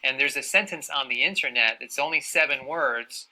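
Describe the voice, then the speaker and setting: A man explains and demonstrates vocal emphasis in a deliberate, demonstrative way. His voice is gravelly and very bright-edged, with a mid-range pitch. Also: rough recording. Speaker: video presenter.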